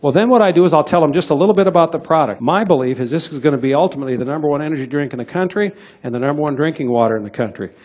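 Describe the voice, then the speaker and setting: Fast-talking husky middle-aged sales trainer. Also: male voice, a little high, a little mellow. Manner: punchy, direct, coaxing, acts out sales dialogues. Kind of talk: motivational sales talk to an audience.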